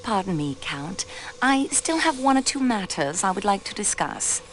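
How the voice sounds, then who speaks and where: A woman's voice: medium pitch, very animated, normal speed, a little hiss or hum, natural voice, low-quality recording. A woman playing a probing, polite amateur detective. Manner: polite, probing, with French courtesies. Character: young woman railway clerk acting as detective. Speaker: investigator questioning suspects. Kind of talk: voice acting in a video game.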